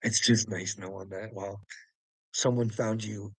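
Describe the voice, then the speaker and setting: A man's voice: lowish voice, fairly even intonation, measured pace, breathy edge, dry recording, low-quality recording. A man rambling through a solo monologue, mocking and profane, breaking into laughter between nearly every phrase. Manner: profane and taunting. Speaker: vlogger.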